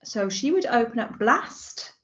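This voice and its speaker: A woman with an English accent walking teachers through educational software, chatty and relaxed, with frequent ums. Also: on the high side, unhurried, highs cut off. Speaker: teacher trainer. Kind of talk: software tutorial walkthrough.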